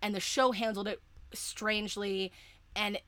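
A woman co-hosting a casual fan podcast, rambling excitedly with lots of "like" and some swearing. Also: medium pitch, measured pace. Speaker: podcast co-host. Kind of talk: casual chat.

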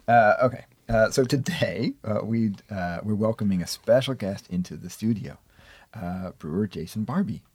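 A man's voice: on the low side, animated, normal speed, a little mellow, breathy edge, no room sound. A man co-hosting a podcast from a radio studio, casual and dryly joking with many hesitations. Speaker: podcast co-host, economics professor. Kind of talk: casual chat. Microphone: studio mic.

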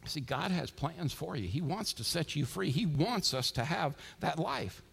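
A man preaching a sermon as a pastor, swinging between loud, emphatic lines and hushed ones. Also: fairly high pitch, animated, measured pace, vocal fry, husky. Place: church sanctuary with a congregation. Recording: long reverb from a large hall.

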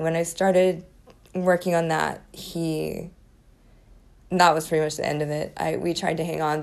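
A woman's voice: on the low side, vocal fry, darkish tone. A woman in her forties hosting a solo podcast, talking candidly and with a lot of swearing, with a slight lisp from a chipped tooth and frequent laughs. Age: 40s. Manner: candid, profane, laughs often. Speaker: podcast host. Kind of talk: casual solo podcast chat.

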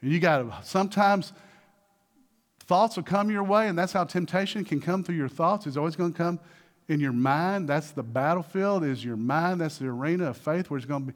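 A man's voice: a little high, brisk. A man preaching a sermon as a pastor, posing questions to the congregation and rising into emphatic exhortation.

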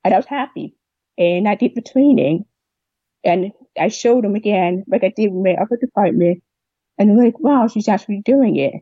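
A young deaf woman telling a long personal story in an interview, replaying what people said to her with lively voices. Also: mid-range voice, moderate pace, slightly rough, no echo, muffled recording. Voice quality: deaf speech. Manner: rambling, animated retelling of dialogue. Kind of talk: casual storytelling.

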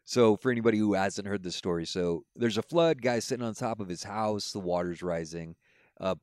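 A man co-hosting a podcast, chatting casually and telling stories in an animated way. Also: lowish voice, a little fast, no room sound, clean studio sound. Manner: animated storyteller, lively put-on voices. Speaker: podcast co-host. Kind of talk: casual chat.

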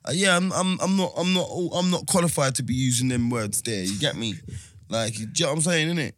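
A man's voice: mid-range voice, animated, a little fast, fairly bright tone, no room sound, studio quality. A young man with a London accent, chatting in a laid-back, rambling way on a casual podcast. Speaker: podcast co-host. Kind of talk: casual chat.

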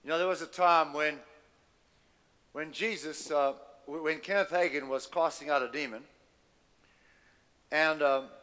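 A man's voice: fairly high pitch, steady tone, measured pace, long pauses, bright, forceful tone, long reverb tail. A man preaching a sermon, emphatic and calling on the congregation to repeat after him. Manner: emphatic, call-and-response with the congregation. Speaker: pastor.

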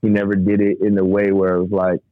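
A man recounts a painful chapter of his life in loose, rambling sentences, slipping into the voices of the people he quotes. His voice sits a little low. The sound is thin and dry, as if heard over a phone line. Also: monotone, quick pace, no room sound. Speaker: guest. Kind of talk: emotional personal storytelling.

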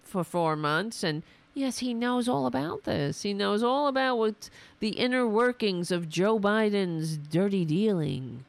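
A woman's voice: mid-range voice, lively intonation, unhurried, creaky, few pauses, no echo. A woman hosting a political commentary stream, losing her voice, talking back to clips in a mocking, exasperated way. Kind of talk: sarcastic livestream commentary.

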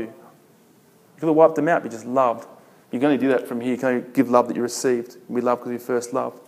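A man's voice: medium pitch, moderate pace, darkish tone. A man preaching a sermon emphatically, repeating phrases and asking rhetorical questions. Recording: long reverb of a large hall.

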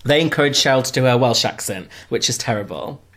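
A man's voice: medium pitch, animated, fast, a bit bright, slight background noise. A man hosting a casual podcast chat, dry and joking as he talks. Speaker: podcast host.

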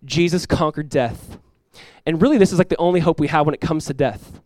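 A man in his thirties, a pastor preaching a sermon and telling a family story with lively, rising emphasis. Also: a little high, a little fast, dry recording. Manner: animated storytelling, rises loud when acting out his talks with his son.

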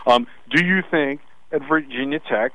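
Insistent sports betting co-host, dry sound. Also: male voice, medium pitch, no room sound, narrow, tinny audio. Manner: insistent, fast bursts of picks. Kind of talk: casual sports betting talk.

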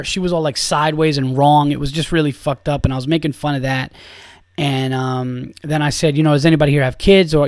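A man's voice: on the high side, darkish tone, dry recording. A man, a comedian and podcast host, telling a long rambling story full of swearing and fillers. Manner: rambling and profane, lots of fillers. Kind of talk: casual storytelling.

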